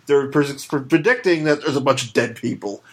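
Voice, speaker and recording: A man's voice: mid-range voice, fairly quick, a bit bright. A man co-hosting a podcast, chatting and joking about a comic, laughing often and acting out lines. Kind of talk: casual chat recapping a comic.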